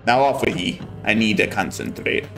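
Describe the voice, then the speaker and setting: A man voicing a gruff male game opponent with a mock Scottish accent, brusque and dismissive. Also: lowish voice, animated, normal speed, music in the background, pitched below the performer's own voice.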